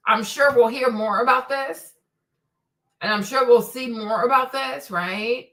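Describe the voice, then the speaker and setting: A woman's voice: fairly high pitch, slow, fairly bright tone. A woman hosting a streamed commentary show, talking emphatically and repeating words for stress. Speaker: host.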